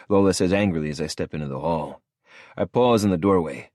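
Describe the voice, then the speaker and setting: A man's voice: sits low, fast, a little mellow, dry recording. A man narrating a first-person audiobook in a cool, hard-edged manner, close to the mic.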